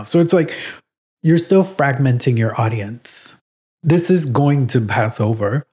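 A man co-hosting a casual podcast, talking in an animated way, laughing often and swearing now and then. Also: medium pitch, normal speed. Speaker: podcast co-host.

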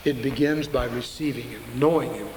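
A man preaching a sermon to an audience, emphatic and slowing down to stress key points. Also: medium pitch, a little mellow. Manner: emphatic, slows down for stress, breaks into acted quotes. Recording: echoey hall with faint hiss.

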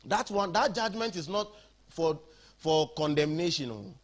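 A man with a Ghanaian accent preaching an animated sermon in a church, switching between English and Twi. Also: fairly high pitch, measured pace.

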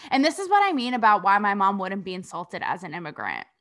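A woman's voice: mid-range voice, very animated, fast talker, fairly bright tone. A young adult woman from Connecticut hosting a podcast, delivering blunt, sassy commentary full of swearing and rhetorical questions. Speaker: podcast host. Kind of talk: casual commentary monologue.

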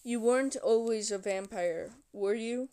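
A woman's voice: a little high, unhurried, dark tone, clear, resonant tone. A woman reading aloud and voicing a nervous young man who asks hesitant, polite questions. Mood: timid. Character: nervous, timid young male interviewer.

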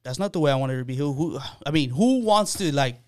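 Speaking quickly and with animation, a man with a fairly high, slightly mellow voice tells a personal story as a guest on a podcast. His delivery is earnest but loose and full of fillers, his voice smooth and clear. It's a casual chat, recorded close up and dry with almost no echo from the room.

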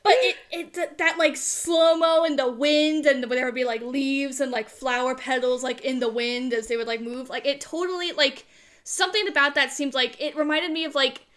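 A woman's voice: high-pitched, normal speed, a bit bright. A young woman co-hosting a casual film podcast, rambling with many "like" fillers. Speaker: podcast co-host. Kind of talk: casual film review chat.

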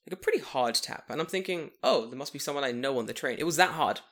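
A young man telling a long story in casual chat, profane and animated, acting out what people said. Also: medium pitch, quick pace. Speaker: podcast co-host telling a story.

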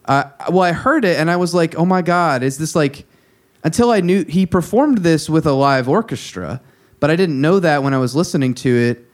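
Male podcast co-host, loose conversational delivery, halting with fillers. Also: fairly high pitch, expressive. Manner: rambling, many fillers and restarts. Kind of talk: casual music chat.

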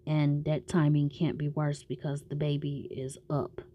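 A woman's voice: sits low, little pitch movement, a little slow, dry recording, highs cut off. A woman casually recapping a TV show in a slangy, rambling way, with some profanity.

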